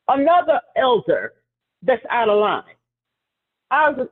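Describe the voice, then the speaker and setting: Earnest co-host, woman, high-pitched, over a faraway phone line. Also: moderate pace. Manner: earnest, emphatic, repeats herself. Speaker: co-host of a call-in show. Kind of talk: heated call-in talk. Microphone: phone call. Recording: tinny phone line, far from mic.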